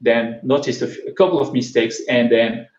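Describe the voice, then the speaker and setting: A man with a French accent giving a technical conference talk, halting with frequent repeats and fillers. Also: medium pitch, fairly even intonation, a little mellow. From France. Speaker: conference speaker. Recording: roomy, slightly dull recording.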